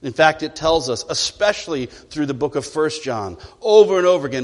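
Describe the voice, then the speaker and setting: Male pastor, mid-high voice, emphatic sermon with rhetorical questions, long reverb of a church hall. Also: lively intonation, brisk, hardly any pauses. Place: church sanctuary.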